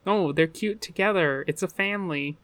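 A podcast co-host in casual chat, excitable and exclamatory, with some swearing. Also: mid-range voice, normal speed.

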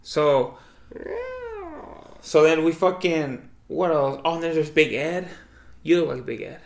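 A man, casually retelling a story in slangy, animated chat. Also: fairly high pitch, measured pace, vocal fry, reverberant, a little hiss or hum.

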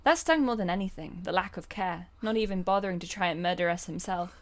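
Woman, lower register, reading a chapter aloud for laughs, giggly. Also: fast. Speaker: reader. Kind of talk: comedic dramatic reading.

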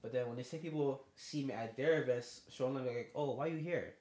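Brisk and mid-range, this young man co-hosts a podcast, chatting loosely and animatedly performing both halves of the conversations in his stories. His audio carries a roomy echo.

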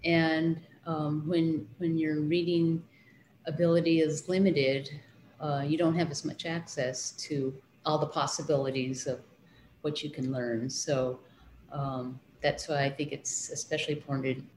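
A woman's voice: low voice, little pitch movement, unhurried, darkish tone, reverberant, slight background noise. A middle-aged woman, a children's librarian, recalling her studies in a casual interview, hesitant with many fillers and restarts.

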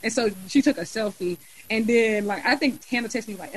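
A young adult woman chatting casually on a podcast, telling a lively story with many fillers. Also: on the high side, brisk, slightly rough, low-quality recording. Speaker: student government officer and podcast guest.

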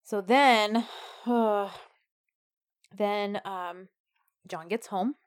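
Woman excitedly recapping a tv episode, keeps saying she loves it, mid voice. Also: mid-range voice, very slow. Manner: enthusiastic, lots of "uh-huh" and "I love it". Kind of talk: casual chat recapping a TV episode.

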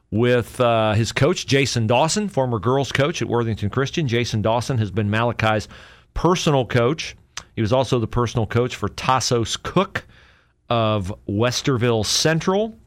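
A man talks through sports notes on his solo podcast, thinking aloud and correcting himself as he goes. His voice sits at an ordinary middle pitch. The sound is dry and close, with no room around it. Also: dry recording. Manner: rambling, thinks aloud with many fillers and self-corrections. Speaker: podcast host. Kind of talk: casual solo podcast talk.

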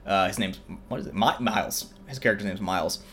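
A man's voice: sits low, fast, fairly bright tone, a little hiss or hum. A young man hosting a show, casually recapping a film in a rambling way with many fillers. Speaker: host.

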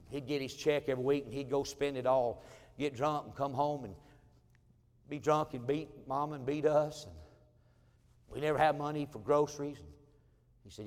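A middle-aged male pastor preaches a sermon in a church sanctuary, his slightly high, darkish voice moving fairly quickly and carried by a long, ringing hall reverb. He tells homely family stories, takes on the voices of the people in them, and chuckles along with his congregation.

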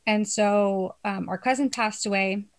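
A woman's voice: medium pitch, a little slow. Young woman ranting about work to friends, swears a lot, laughs a lot, casual. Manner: swearing, laughing, animated storytelling. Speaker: storyteller among friends. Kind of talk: casual chat.

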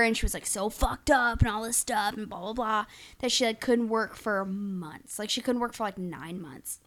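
A young woman co-hosting a podcast, her voice sitting a little high. She tells a crude story in casual chat, animated and laughing as she goes. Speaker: podcast co-host.

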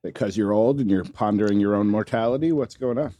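A man's voice: on the low side, a little fast, dark tone, dry recording. A man co-hosting a podcast in casual chat, teasing and questioning his co-host with mock formality.

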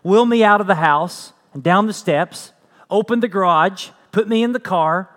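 A man's voice: high voice, normal speed, a bit bright. A man preaching a sermon as pastor, earnest, repeating phrases and building to emphatic peaks.

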